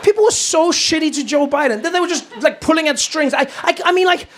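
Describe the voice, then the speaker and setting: A man's voice: extremely high pitch, fast talker. A man doing a conversational stand-up rant, stammering and restarting as he argues a point. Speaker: stand-up comedian. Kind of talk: stand-up routine. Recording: noisy live stage audio.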